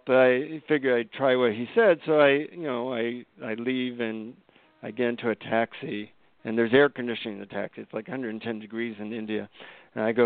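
A man from Northern California tells an animated story as a guest author. His voice sits at a middle pitch and leaps up when he acts out his own reactions. The sound is dry and tinny, like a phone call. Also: normal speed, dry recording.

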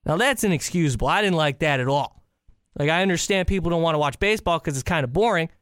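High-pitched, excitable man ranting. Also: clean tone, no room sound, studio quality. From Chicago area. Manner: animated, incredulous storytelling. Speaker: podcast host. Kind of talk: casual solo podcast rant.

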